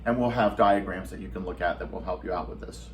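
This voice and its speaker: A man gives a guitar lesson at home, explaining each finger placement patiently and counting the rhythm aloud. His voice sits on the low side. He is picked up from some distance from the mic, with the guitar plainly heard alongside him. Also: fast talker. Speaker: guitar instructor.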